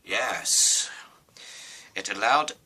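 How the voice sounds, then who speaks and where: Slow, playful male storyteller. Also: on the low side, animated, sharp tone, breathy edge. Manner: playful, rambling, self-aware asides. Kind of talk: improvised storybook narration with character voices.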